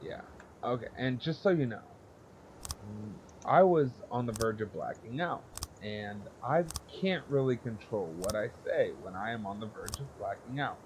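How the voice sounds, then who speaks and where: A man's voice: medium pitch, lively intonation, normal speed, a little hiss or hum. A young man casually telling a story on a podcast, blunt and profane, rambling and laughing as he goes. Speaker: podcast co-host.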